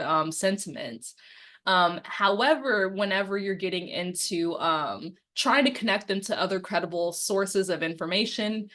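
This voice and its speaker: A woman's voice: fairly low pitch, fairly bright tone. A young woman campaigner giving a quiz-style lesson, posing questions and explaining answers with frequent ums. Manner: poses multiple-choice questions and explains answers, friendly coaching tone. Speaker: media and democracy campaigner. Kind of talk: instructional quiz-style presentation.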